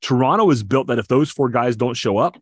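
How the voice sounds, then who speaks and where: A man co-hosting a podcast talks casual sports in an animated, husky, mid-range voice at a fairly quick pace. He explains at length with enthusiasm and often stammers through restarts, recorded dry with clean studio sound.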